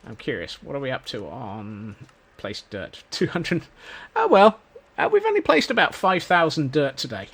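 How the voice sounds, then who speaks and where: A man's voice: mid-range voice, huge pitch swings, moderate pace, slight background noise. A Scottish man streaming a game, rambling casually and cracking self-mocking jokes. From Scotland. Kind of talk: casual gameplay commentary. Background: faint background music.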